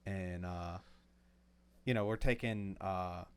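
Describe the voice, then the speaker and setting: A man's voice: low-pitched, takes it slowly, clean tone. Man telling road stories, swearing freely. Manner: swears freely, animated storytelling. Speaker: podcast co-host. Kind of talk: casual chat.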